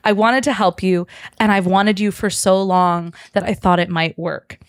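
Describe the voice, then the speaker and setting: A woman's voice: medium pitch, fairly even intonation, normal speed, no echo, clean studio sound, lightly acted. A woman voicing an apologetic young male starship captain who apologizes urgently and from the heart. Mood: pleading.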